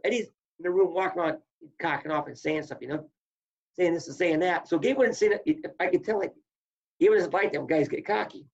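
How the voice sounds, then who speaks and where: An older man and former wrestler, telling stories in an animated way and acting out what others said. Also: sits high, fairly quick, creaky, distant mic, lo-fi sound. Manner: animated storyteller, acts out quotes. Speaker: former college wrestler, guest. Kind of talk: storytelling interview chat.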